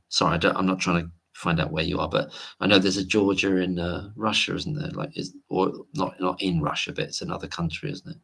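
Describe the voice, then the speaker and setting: A man's voice: low voice, a little fast, gravelly, few pauses, a bit bright, breathy edge. A man hosting a late-night livestream, rambling casually and reading viewer comments aloud. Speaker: livestream host.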